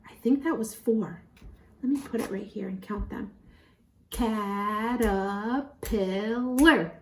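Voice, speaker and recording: A woman teaching a syllable game to preschool children, animated and encouraging, drawing out words slowly. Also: fairly high pitch, vocal fry, a little hiss or hum. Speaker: pre-K teacher. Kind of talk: children's lesson. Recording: echoey room.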